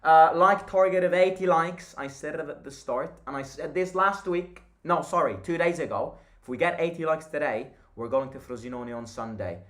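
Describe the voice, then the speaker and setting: A man's voice: mid-range voice, normal speed, few pauses, a bit bright. A tired man hosting a fan channel, chatting casually and reacting to the play as he watches a live match.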